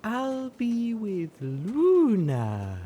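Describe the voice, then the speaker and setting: A man voicing a drugged, dreamy mare who croons in a slow, drawn-out voice. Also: sits high, wildly swooping pitch, warm tone, a little hiss or hum, pitched above the performer's own voice, full character voice.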